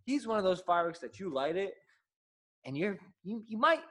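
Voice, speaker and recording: A man's voice: sits high, big pitch swings, moderate pace, a bit bright. A man hosting a casual sports podcast, easygoing and joking. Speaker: podcast host.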